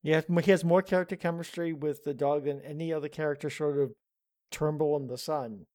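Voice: medium pitch, steady tone, fairly quick, a little mellow. Dry-witted podcast co-host. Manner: dry, brief interjections. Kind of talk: casual movie-review chat.

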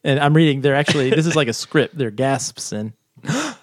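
A man's voice: medium pitch, brisk, a little hiss or hum. Chatty man explaining a study. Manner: chatty, explanatory, laughs often. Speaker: podcast co-host explaining a study. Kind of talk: casual science chat.

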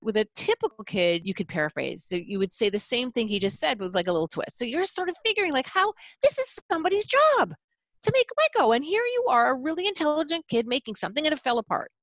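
A middle-aged woman coaches a parent, explaining techniques and acting out examples in an animated, demonstrative way. Her voice is high and quick, recorded with no room sound.

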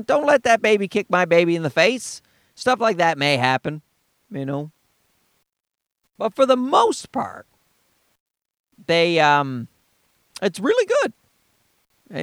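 A man in his thirties with vocal fry and no echo on the recording rambles through profane stories in a casual monologue. When he quotes people, he acts them out in a high voice.

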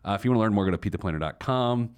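A man's voice: lowish voice, lively intonation, very fast, clean tone. A man hosting his own podcast, telling a story casually, full of fillers, restarts and laughter. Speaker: podcast host. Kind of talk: casual chat.

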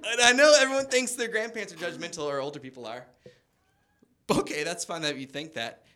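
Animated high-voiced stand-up comedian man. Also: brisk. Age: 30s. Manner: self-deprecating, animated storytelling.

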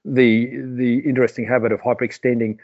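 A man's voice: mid-range voice, little pitch movement, fast talker, dry recording, dull audio. Rambling male webinar host. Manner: rambling, with many "uh" and "um" fillers. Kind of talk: podcast and webinar hosting. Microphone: video call.

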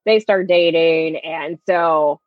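A woman's voice: deep voice, fairly even intonation, takes it slowly, dry recording, dull audio. A woman chatting casually on a podcast, retelling stories with lots of "like" and acted-out quotes. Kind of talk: casual chat.

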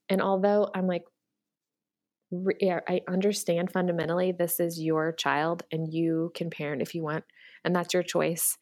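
A woman's voice: lowish voice, flat delivery, moderate pace, a little mellow. A woman speaking earnestly and candidly as a guest, with many fillers and restarts. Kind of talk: personal storytelling in conversation.

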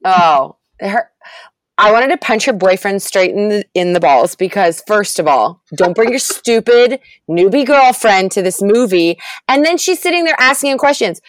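Animated ranting woman, dry close sound. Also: medium pitch, moderate pace, no echo. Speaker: podcast guest. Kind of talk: casual chat.

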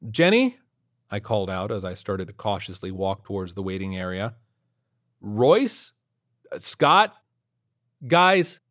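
Man narrating a tense horror story. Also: on the low side. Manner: tense, building suspense.

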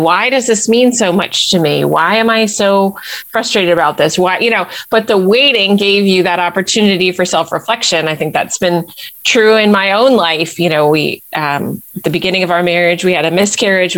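A woman speaking as a guest in a faith conversation, thoughtful and measured, with articulate phrasing. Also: medium pitch.

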